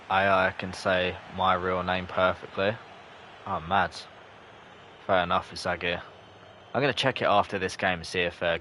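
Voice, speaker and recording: Guy streaming a football game live, deep voice but punchy and bright, chats to viewers, yells at near misses. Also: slight background noise. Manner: chatty, bursts into shouts at near misses. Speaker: gaming streamer. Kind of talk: live gameplay commentary and chat reading.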